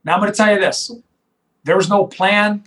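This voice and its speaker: A middle-aged man, a sheriff recounting a tense moment in an interview. His voice sits high for a man, and he talks with insistent emphasis, often doubling back on his own words. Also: normal speed, low-quality recording. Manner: emphatic, animated retelling with restarts. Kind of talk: interview storytelling.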